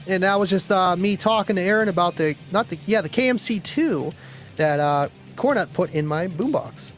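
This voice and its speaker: A man with a noticeably high-pitched voice hosts a casual live stream in a rambling, chatty way. He reads viewer comments aloud and keeps clearing his throat. Faint music plays under his talk. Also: normal speed, rough recording.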